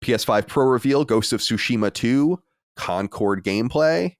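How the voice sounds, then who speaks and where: A man's voice: medium pitch, animated, moderate pace, dry recording. A man hosting a podcast in casual chat, reading listener mail with playful, mock-boastful banter. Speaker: podcast host. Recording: dry close mic.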